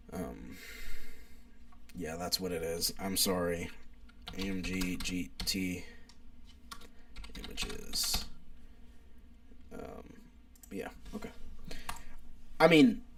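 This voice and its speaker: A man's voice: low-pitched, gravelly. A young man, hosting a casual live stream, opinionated and rambling as he reads chat aloud. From United States.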